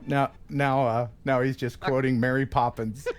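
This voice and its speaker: A man's voice: mid-range voice, moderate pace, faint music behind. A man hosting a live stream, joking around and reading chat messages. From USA. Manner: joking, animated. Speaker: host.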